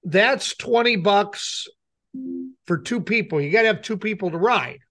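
Middle-aged man, light high voice, casual co-host who tells long anecdotes and plays out the dialogue himself. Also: lively intonation, unhurried, bright, forceful tone. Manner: rambling anecdote with acted-out quotes. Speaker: radio show co-host. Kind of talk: casual storytelling chat.

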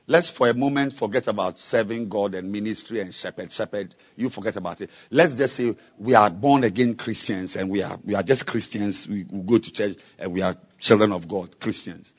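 A man preaching a sermon, slow and emphatic, repeating key words and building to loud exhortation. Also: fairly low pitch, husky, muffled recording. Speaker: pastor.

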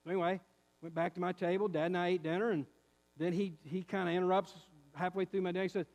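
A pastor in his fifties preaches to his church, telling a story with lively acted-out quotes. His man's voice sits notably high. The sound carries the long reverb of a church sanctuary. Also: fast talker. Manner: animated storytelling, acts out quotes. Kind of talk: sermon with personal story.

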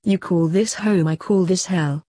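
A woman voicing a fussy, excitable male assistant who sounds indignant and exasperated. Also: on the low side, a little slow, breathy edge, no room sound, studio quality.

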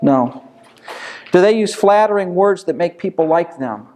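Teaching an informal Bible study to a small group, this man speaks a little slowly in a slightly raised, somewhat mellow voice, yet stays animated. He strings together rhetorical questions and supplies his own answers, chatting with the class the way a teacher would.

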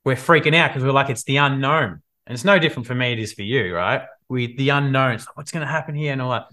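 Aussie guy pumping people up on a live vid, lively, acts stuff out, mid pitch. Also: fast. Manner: energetic, animated, acts out scenes. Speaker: business coach. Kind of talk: motivational live video talk.

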